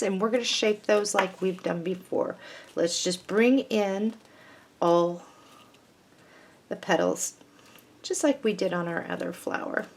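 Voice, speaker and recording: Slow, patient woman teaching a craft. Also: medium pitch, gravelly, a little hiss or hum. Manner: patient, instructive, talks through each step. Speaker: craft tutorial host. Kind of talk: step-by-step craft demonstration.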